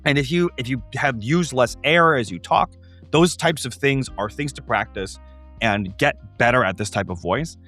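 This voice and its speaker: A man hosting a tabletop gaming show, explaining ideas in an animated, casual way with quick asides. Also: medium pitch, faint music behind.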